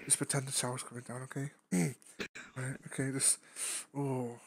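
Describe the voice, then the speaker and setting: A man voicing a crude, flirty male swamp ogre, speaking in a low hushed coax during VR game role-play. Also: level tone, moderate pace, gravelly, husky. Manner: hushed, coaxing, lewd.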